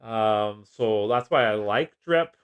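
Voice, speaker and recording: A man's voice: lowish voice, slow pace, clear, resonant tone, lo-fi sound. Chatty man hosting a livestream. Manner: chatty, jokey, laughs often, reads comments aloud. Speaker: livestream host. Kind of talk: casual live-stream chat.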